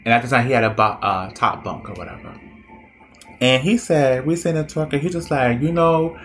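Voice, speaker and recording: A man's voice: medium pitch, brisk, fairly bright tone, a little hiss or hum. A young man casually telling a story about his own past in a rambling, conversational way, full of fillers and restarts.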